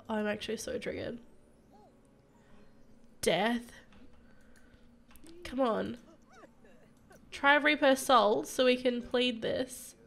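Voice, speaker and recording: A woman's voice: a little high, slow, creaky, pauses often. A young woman doing casual, laughing gameplay commentary with dramatic exasperated outbursts. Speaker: gaming youtuber.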